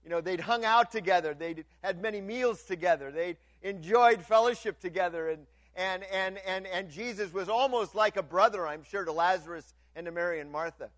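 A man with a notably high voice preaches a sermon to his congregation. He stumbles over repeated words as he restarts, then swings from loud, lifted passages down to near-hushed lines. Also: normal speed, few pauses, no echo. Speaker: pastor.

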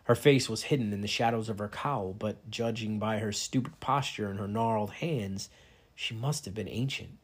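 Husky man reading a novel aloud. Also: fairly low pitch, moderate pace. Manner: steady first-person narration. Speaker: reader.

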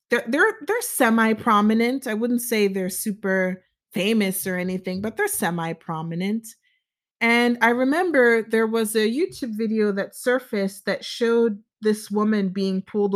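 A woman talks straight to her viewers in an easygoing storytelling monologue. Her pitch sits in an ordinary middle range for a woman. She speaks in a measured way, often pausing on fillers and restarting her sentences as she goes. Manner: conversational, measured, frequent fillers and self-corrections. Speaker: vlogger. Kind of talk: casual storytelling monologue to camera.

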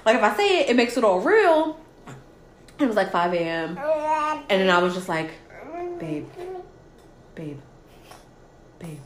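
A podcast guest in her thirties chats casually about her relationship, laughing a lot and acting out what people said as she emotionally tells her love story. Her voice sits on the high side and has a sing-song lilt, with a moderate pace, long pauses, and a reverberant sound.

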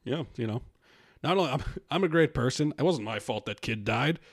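This man co-hosts a comedy podcast, drifting through loose, casual talk with frequent laughter and quoting others in put-on voices. His medium-pitched voice is expressive and fairly quick, with a breathy edge.

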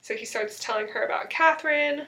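A woman's voice: high-pitched, a little fast, bright, forceful tone. A young woman chatting casually, recapping a TV episode and acting out quotes with sarcasm.

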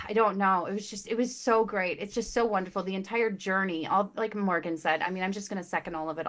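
A woman on a podcast panel talking about books she loved, gushing and emotionally expressive, often restarting and repeating words as she goes. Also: fairly low pitch. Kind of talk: casual book chat.

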